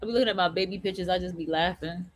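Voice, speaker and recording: A woman's voice: lowish voice, very fast. A woman hosting an online talk show in a blunt, profane, slangy casual monologue. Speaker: host.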